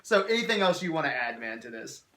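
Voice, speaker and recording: A man's voice: on the high side, big pitch swings, fast talker, bright, forceful tone. A man hosting a casual video interview, joking and laughing often. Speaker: host. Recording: echoey room with faint noise.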